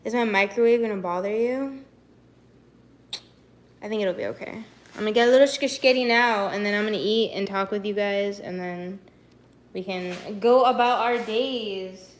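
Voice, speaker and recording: A woman's voice: mid-range voice, measured pace, pauses often. A young woman streamer in casual live-stream chat, bubbly and rambling, with lots of "like". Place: home, walks to the kitchen.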